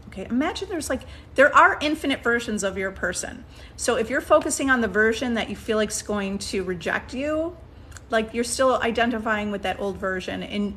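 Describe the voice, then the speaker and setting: A woman's voice: mid-range voice, a bit bright, slight background noise. A woman giving a casual coaching talk as a manifestation coach, coaxing her listeners and checking in with frequent "okay?" and "right?". She often restarts sentences while thinking aloud.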